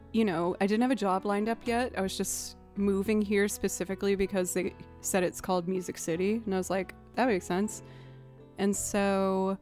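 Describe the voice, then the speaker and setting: A woman streamer chatting casually on a livestream, telling stories with frequent laughs. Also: mid-range voice. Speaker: streamer and musician. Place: home streaming setup.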